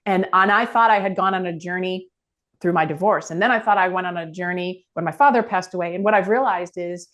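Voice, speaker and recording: Earnest lower-voiced woman guest. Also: fairly quick, a bit bright. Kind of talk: podcast interview.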